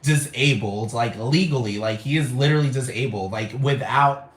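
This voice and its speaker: A man's voice: medium pitch, normal speed, roomy sound, poor audio. A man ranting casually to camera, rambling and profane, repeating himself and laughing often. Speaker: vlogger.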